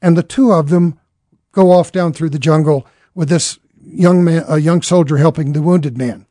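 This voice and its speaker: A man's voice: fairly high pitch, normal speed, mellow, no room sound, studio quality. A man telling a dramatic story in an earnest way, acting out the characters' lines as he goes.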